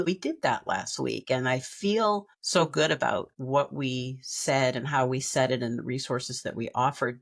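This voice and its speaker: A woman's voice: a bass voice, vocal fry, breathy edge. A woman co-hosting a podcast, talking in an earnest, reflective way with frequent restarts. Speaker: podcast co-host. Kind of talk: heartfelt podcast conversation.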